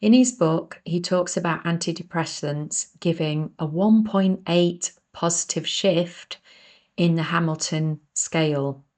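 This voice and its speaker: A woman's voice: fairly low pitch, a little slow, a little mellow. A woman, reading her own self-help book aloud on her podcast and breaking off into chatty, self-deprecating asides to her listeners. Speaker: author and podcast host.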